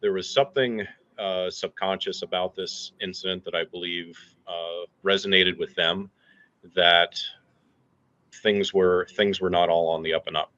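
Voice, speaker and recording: A man's voice: sits low, steady tone, unhurried, fairly bright tone, highs cut off. A man giving recorded testimony, speaking thoughtfully and hesitantly.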